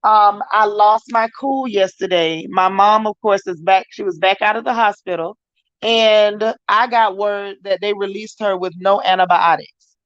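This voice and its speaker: A middle-aged woman hosts a casual livestream, greeting viewers one at a time with warm, chatty Southern-style slang and plenty of "y'all," her throat still on the mend. Her mid-range voice is fairly even and a bit slow, and her stream mic has sound trouble that leaves the audio muffled.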